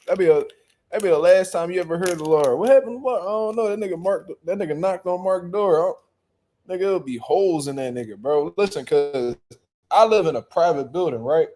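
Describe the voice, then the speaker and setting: A young man hosting a boxing show, chatting in loud, profane, joking banter and often laughing. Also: high voice, brisk. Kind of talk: casual chat reacting to live chat.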